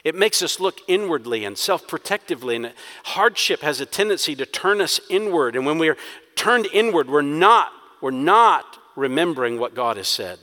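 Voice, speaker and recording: A man's voice: fairly high pitch, big pitch swings, normal speed, pushed and bright, long reverb tail. A man preaching a sermon, acting out quoted prayers with rising intensity. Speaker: pastor.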